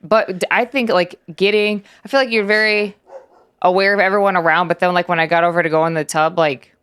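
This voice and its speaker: A young woman with a low, smooth voice chats in a reflective, halting way, pausing often on fillers as she gathers her thoughts. She co-hosts a relaxed podcast recorded on a close mic. The sound is dry and clean. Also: dry recording. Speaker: podcast co-host. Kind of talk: casual chat.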